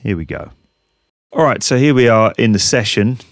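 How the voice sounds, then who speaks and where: A man hosting a casual walkthrough in his home music studio, talking in a relaxed, rambling way with plenty of ums. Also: on the low side, normal speed, dry recording. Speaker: music producer and channel host. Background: music samples playing.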